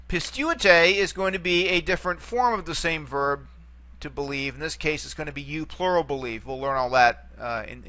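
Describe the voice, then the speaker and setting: A man's voice: on the high side, sharp tone. A man giving a recorded language lesson, explaining rules step by step and often checking in with "okay?". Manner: repeats words and checks in with "okay?". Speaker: Greek teacher. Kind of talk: recorded lecture.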